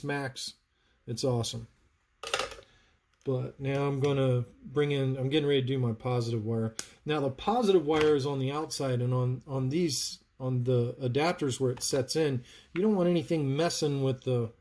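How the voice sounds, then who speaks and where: A man's voice: medium pitch, a little mellow. Chatty man soldering live. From North Carolina, US. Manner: chatty, narrates work while answering viewers. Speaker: livestream host, saber builder. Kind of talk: live soldering tutorial chat.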